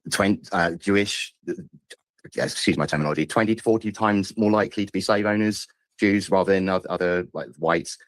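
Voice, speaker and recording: Fast-talking deep-voiced British man. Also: no room sound. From Britain. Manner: rushed, stammering, repeats words. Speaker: caller. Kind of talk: call-in rant.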